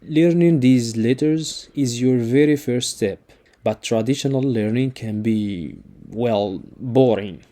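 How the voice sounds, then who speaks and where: A man teaching an alphabet in scripted narration, sounding out each letter slowly and deliberately with an example word. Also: medium pitch, dark tone. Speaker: language teacher.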